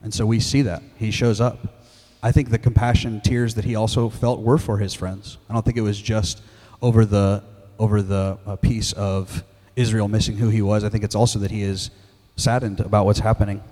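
A man in his thirties preaching a sermon as a pastor, candid and halting, with frequent restarts and fillers. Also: on the low side, level tone, mellow. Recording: long hall reverb.

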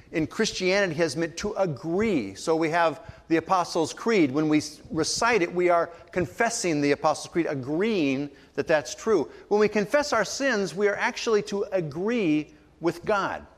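Older male preacher with a high voice. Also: expressive, normal speed, big-room sound. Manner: storytelling, acts out voices in quotes. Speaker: pastor. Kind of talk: sermon.

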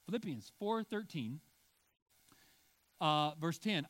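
A man's voice: fairly high pitch, lively intonation, measured pace. A middle-aged man preaching a sermon to a congregation, talking casually with frequent asides and rising to emphatic points. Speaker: pastor.

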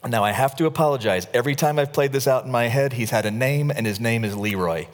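A male pastor preaching with an easy, conversational delivery and slipping into characters to tell his stories. His voice sits at a middle pitch and carries a long reverb, as if from a church sanctuary. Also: fast. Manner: conversational, animated storytelling with acted asides. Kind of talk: sermon.

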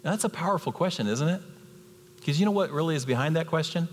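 An animated male guest preacher delivering a sermon and slipping into the voices of the people he quotes. His voice sits fairly high for a man, and it rings with the long reverb of a church sanctuary. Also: fast talker.

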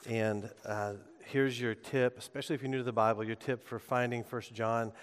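A man's voice: medium pitch, level tone, moderate pace, smooth, big-room sound. A man preaching a sermon as pastor, in a conversational storytelling way with frequent filler words. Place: church sanctuary.

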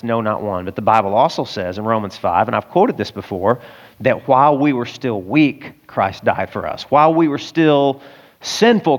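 A man with a Southern American accent preaching a sermon in a conversational, emphatic style full of rhetorical questions. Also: mid-range voice. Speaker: pastor.

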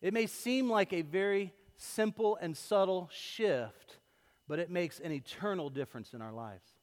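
A man preaching a sermon as pastor, telling everyday stories in a lively way that swings from loud to hushed. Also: on the high side. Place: church sanctuary. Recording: long hall reverb.

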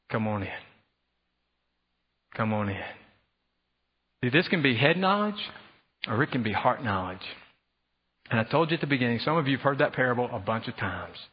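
Husky guy preaching, acts out people's voices, long hall echo, kinda dull sound. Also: mid-range voice, expressive, brisk. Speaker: pastor. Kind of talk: sermon.

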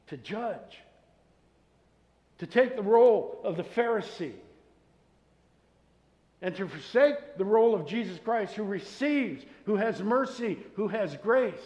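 A pastor with a high-pitched voice delivers an earnest sermon, pushing hard on key points and then dropping into quiet asides. He is recorded in a church, and his voice carries a long, echoey hall reverb. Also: muffled recording. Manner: earnest preaching, swinging between loud emphasis and soft asides. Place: church sanctuary with masked congregation.

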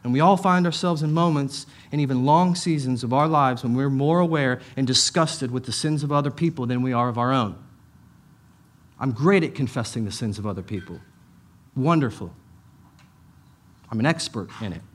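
Speaking at a medium pitch, a middle-aged male pastor gives a sermon in a conversational style, full of emphatic repetition and offhand asides.

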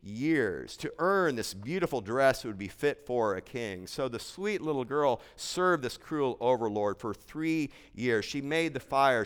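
A man preaching a sermon, telling a story in slow, emphatic phrases with dramatic pauses. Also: medium pitch, clear, resonant tone.

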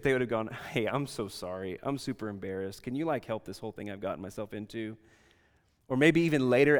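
Guy preaching a sermon, kinda high voice, big hall echo, goes loud then real quiet. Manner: animated, acts out quoted voices, swings from loud to hushed. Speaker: pastor.

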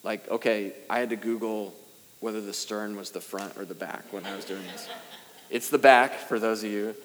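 Young guy preaching to his church, chatty and self-deprecating, lowish voice, big echoey hall. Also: steady tone, moderate pace. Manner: conversational and self-deprecating, with rising emphasis. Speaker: pastor. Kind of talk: sermon. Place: church sanctuary.

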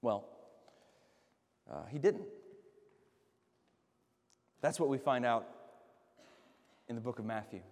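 A male pastor preaching an earnest sermon, swinging between loud emphatic lines and hushed, slow drops. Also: medium pitch, expressive, gravelly, long reverb tail.

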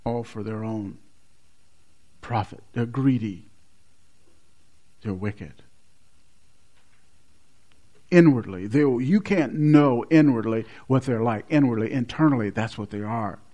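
Male preacher, sermon delivery, big swings from loud bursts to hushed low lines, repeats key words, mid-pitched voice. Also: slow pace, pauses often, dull audio. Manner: swings from loud emphatic to low quiet stresses.

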